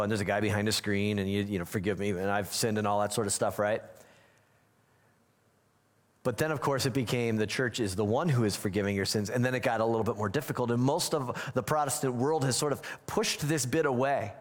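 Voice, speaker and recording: A man's voice: fairly low pitch, steady tone, a little fast. A man giving a conversational sermon as pastor, joking and acting out little scenes. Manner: conversational, self-deprecating, acts out quotes. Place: church sanctuary. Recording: church hall reverb.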